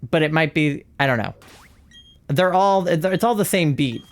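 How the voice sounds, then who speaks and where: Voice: mid-range voice, lively intonation, a little slow. A young-adult live streamer chatting casually and rambling while playing a game, often breaking into laughter.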